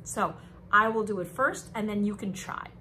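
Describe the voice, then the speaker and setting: A young woman teaching young children, talking slowly and in a sing-song way, as if to a class of small kids. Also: mid-range voice, slight background noise. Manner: animated, sing-song, slow and drawn out for kids. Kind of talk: children's lesson.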